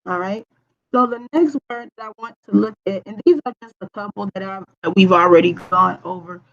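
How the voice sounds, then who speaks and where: Her voice is medium-pitched, brisk, and creaky, heard through a muffled recording. Teaching grammar in a recorded lesson, she hums while typing on screen and patiently checks in with students using repeated okays.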